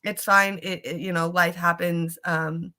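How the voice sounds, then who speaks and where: A young woman hosts a casual live show with a bright, forward voice. She rambles emotionally, repeating words and restarting sentences as she goes. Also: on the low side, level tone, a little slow. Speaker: show host. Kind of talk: casual emotional livestream chat.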